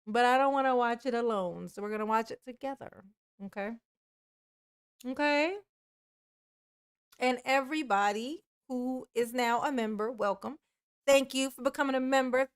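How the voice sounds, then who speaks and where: A woman's voice: fairly high pitch, smooth. A woman hosting a casual livestream sign-off, drawling affectionately, calling herself Mama and laughing often. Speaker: YouTube channel host.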